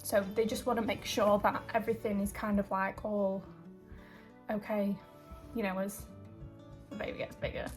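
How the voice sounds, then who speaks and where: A woman's voice: mid-range voice, little pitch movement, moderate pace, long pauses, faint music behind. A young woman, vlogging in a rambling, emotional, casual way with lots of fillers. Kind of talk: casual chat.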